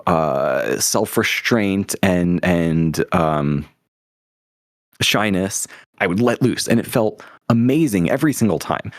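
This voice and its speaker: Young adult man, low voice, dry close sound; eager, rambling storyteller with lots of "um"s. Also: dry recording. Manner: enthusiastic, rambling, many fillers and restarts. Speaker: podcast guest. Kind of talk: casual interview storytelling.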